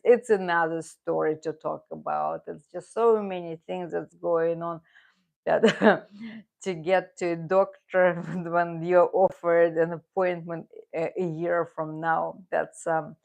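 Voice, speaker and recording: A woman with a Russian accent, chatting casually with viewers on a livestream, halting with many fillers and restarts. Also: fairly low pitch, gravelly. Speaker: livestream host.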